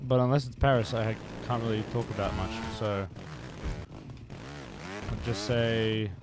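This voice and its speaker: A man's voice: on the low side, a little slow. A man streaming a game and chatting casually, rambling and self-mocking while he answers chat. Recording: steady noise behind the voice.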